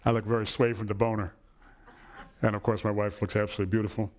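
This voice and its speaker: In a hall, a middle-aged man with a fairly low voice gives a personal lecture, speaking quickly with a flat delivery. He warmly shares family stories and often checks in with the audience by asking "right?"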